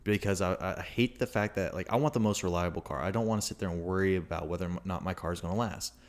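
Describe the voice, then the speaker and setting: A man's voice: low-pitched, quick pace. A young man co-hosting a podcast, telling a long story in casual chat with lots of restarts. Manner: rambling, animated storytelling with frequent restarts. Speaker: podcast co-host.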